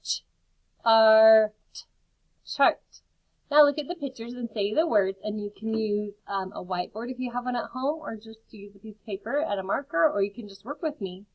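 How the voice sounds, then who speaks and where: A woman teacher giving a phonics lesson to young children from home, sounding out each word slowly and clearly. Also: on the high side, dull audio.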